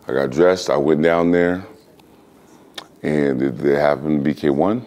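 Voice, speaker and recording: A man in his forties from the United States tells a casual anecdote as an interview guest. His voice sits very low, with a mellow, relaxed tone. He keeps the telling animated and slips into exaggerated voices for the other people in the story. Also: unhurried, long pauses. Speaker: interview guest, former fighter.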